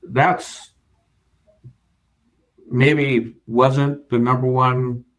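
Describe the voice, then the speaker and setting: Very slowly and with little pitch movement, a man with a medium, fairly bright voice recounts a work story in earnest. He's a bank CFO appearing as a guest in an interview, and his telling is hesitant, full of fillers and repeated starts.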